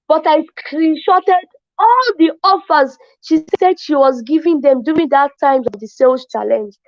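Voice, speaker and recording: A woman tells her story as an affiliate marketer in an excitable, casual way, often saying "as in". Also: high voice, no room sound. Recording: dull lo-fi, dry sound.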